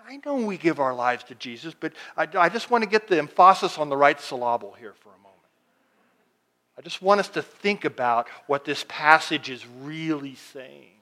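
Man, pastor, sermon, slightly high voice, slow scripture reading, loud-soft swings. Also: animated. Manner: slows down to read scripture, swings from loud to hushed.

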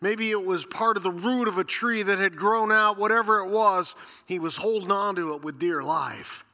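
A man's voice: high-pitched, normal speed, sharp tone, big-room sound. A man preaching a sermon as pastor, conversational and storytelling, getting over a cold. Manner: conversational, storytelling with rhetorical questions. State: recovering from a cold.

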